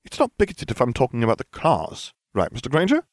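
A man voicing a sarcastic, deadpan teenage boy wizard who teases with dry sarcasm. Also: medium pitch, fast, no room sound, pitched above the performer's own voice.

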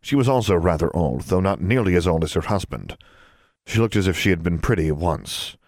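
This is scripted narration from a male audiobook narrator whose voice is very deep and low. He tells the story at an even, measured pace, recorded up close with no echo or room sound at all.

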